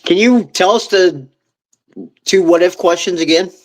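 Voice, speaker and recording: A man's voice: high voice, a little slow, low-quality recording. A man hosting an interview, asking short questions to prompt his guest. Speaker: podcast host.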